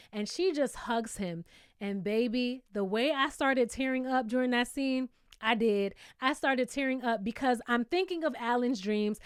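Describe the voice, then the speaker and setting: A high-pitched woman recaps reality TV in a sassy, expressive way and talks straight to her audience. Her voice is close and dry, with no room sound. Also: clear, resonant tone, no room sound. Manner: sassy, expressive, addresses viewers as "child" and "baby". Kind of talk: casual commentary recap.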